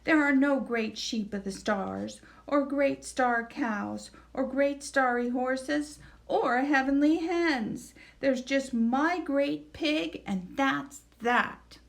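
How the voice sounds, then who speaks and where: Eager, squealy young boy pig for a picture book, voiced by a woman; pitched high and bouncy. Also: animated, slow pace, heavily acted. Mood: stern. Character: excitable young male pig, proud stargazer.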